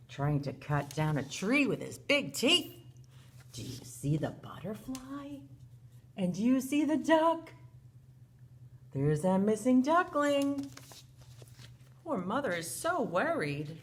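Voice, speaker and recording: Animated woman reading a picture book to kids. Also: medium pitch, takes it slowly, pauses often. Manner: animated, gasping and asking children questions. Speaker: children's teacher.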